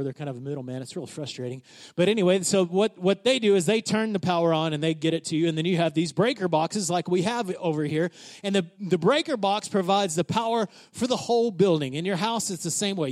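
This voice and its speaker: A man preaching in a church, telling a story in a chatty, animated way, with many filler words. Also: high voice. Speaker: pastor. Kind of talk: sermon told as a casual story.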